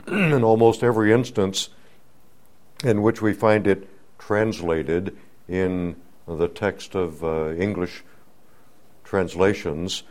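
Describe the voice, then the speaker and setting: A man preaching a sermon, teaching slowly and deliberately, building to emphatic swells on key words. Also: sits low, darkish tone.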